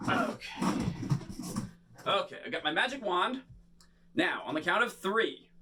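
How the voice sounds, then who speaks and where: A man performing a bubble show for children, talking to them in playful, animated patter. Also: sits high, unhurried, a little hiss or hum. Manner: animated, playful, talks straight to kids.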